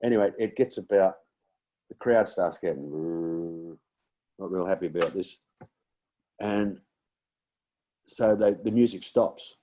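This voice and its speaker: Deep-voiced older Australian man. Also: takes it slowly, long pauses, warm tone. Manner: rambling, anecdotal, many fillers and restarts. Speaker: guest comedian and impressionist. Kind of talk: casual storytelling chat.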